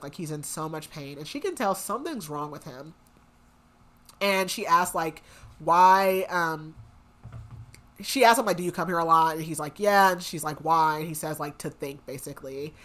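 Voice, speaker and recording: A woman's voice: fairly low pitch, a bit bright. Chatty young woman recapping a book plot. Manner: chatty, lots of "like" and "um", acts out quotes. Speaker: book podcast co-host.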